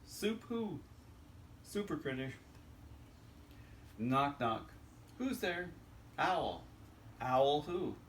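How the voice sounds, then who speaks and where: Lively man reading kids' jokes. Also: mid-range voice, extremely slow, pauses often, far from the mic, a little hiss or hum. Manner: animated, chuckling at his own jokes. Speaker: storyteller reading a children's joke book. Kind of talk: reading jokes aloud to children.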